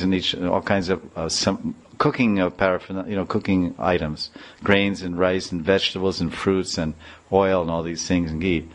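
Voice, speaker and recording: A man telling a devotional story in a rambling way, restarting and repeating phrases. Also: sits low.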